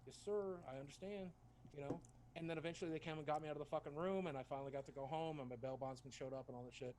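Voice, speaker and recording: A man's voice: a little high, steady tone, background noise. A man casually telling a personal story, candid and heavy on swearing. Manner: profane, candid, fast-talking.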